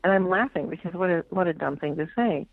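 A woman's voice: on the low side, fast, gravelly. A woman tarot reader telling stories as a radio guest, frank and swearing freely, acting out the voices she quotes. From United States. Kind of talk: casual storytelling interview. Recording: tinny phone-like radio line.

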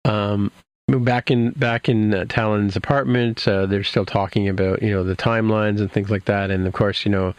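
A man's voice: on the low side, steady tone, moderate pace, no room sound. A man casually recapping an episode for his podcast co-hosts, rambling with many fillers and restarts. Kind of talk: casual chat.

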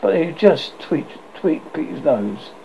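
Gravelly man reading a children's story. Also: a little high, big pitch swings, warm tone. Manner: halting, self-correcting reading. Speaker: audiobook reader. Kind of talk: reading a children's novel aloud. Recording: dull lo-fi recording with faint hiss.

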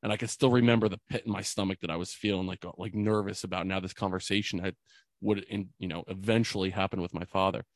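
Man, forties, podcast guest; earnest, emotional storyteller, low voice, dry close mic. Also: fairly even intonation, quick pace, dry recording. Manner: earnest, emotional, many fillers like "like". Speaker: podcast guest, youth mentor. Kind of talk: personal storytelling in an interview.

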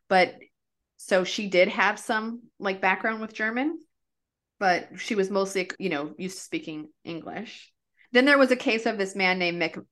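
A woman with a medium-pitched, somewhat bright voice hosts a casual podcast chat. She tells cases loosely and chattily, leaning on "like" and often starting over.

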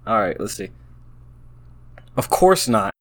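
A man's voice: fairly low pitch, big pitch swings, fairly bright tone. A man reading an AI-written story aloud, breaking off into amused, laughing asides about what the text says. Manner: slow, halting reading broken by laughing asides. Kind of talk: casual reading aloud with commentary.

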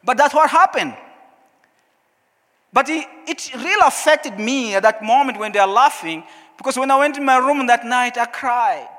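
A man with a Portuguese accent preaches in English, telling his story with lively, acted-out moments. His voice sits very high and sounds bright and forceful. A long reverb trails behind every phrase. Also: normal speed. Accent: Portuguese-speaking African. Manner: storytelling, animated, acts out his own past questions. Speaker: pastor. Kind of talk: sermon.

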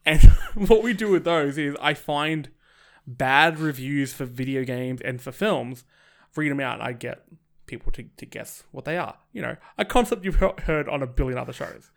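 A man chatting as a guest on a casual podcast, animated and full of restarts. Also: on the high side, moderate pace, vocal fry.

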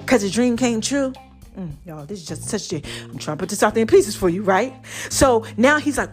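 A woman's voice: a little high, expressive, a little fast, faint music behind. A woman, telling a Bible story in a casual sermon style and often asking "right?". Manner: chatty, keeps asking "right?". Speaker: podcast host.

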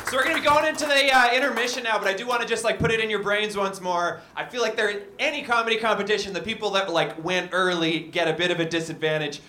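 A man hosting a comedy show, quick and upbeat as he announces the intermission on a stage mic. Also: high-pitched, sharp tone. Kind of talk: emcee announcements. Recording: echoey bar room.

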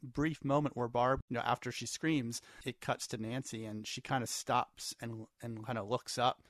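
A man co-hosting a podcast with a mid-pitched voice, recorded dry and close. He talks through the episode in an easygoing, agreeable way and builds on his partner's points. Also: steady tone, moderate pace, fairly bright tone, dry recording. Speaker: podcast co-host. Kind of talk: casual TV recap chat.

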